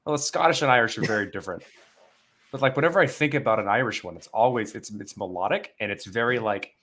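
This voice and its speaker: Dude chatting on a podcast from home, kinda rambly, lower voice. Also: male voice, quick pace, fairly bright tone. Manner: chatty, rambling, laughs easily. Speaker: podcast co-host. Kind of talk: casual live podcast banter.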